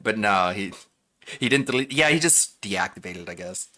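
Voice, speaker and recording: A man hosting a live stream, chatting in a relaxed, rambling way about editing and the clip. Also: on the low side, normal speed, over a noisy crowd. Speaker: streamer host. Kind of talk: casual stream chat.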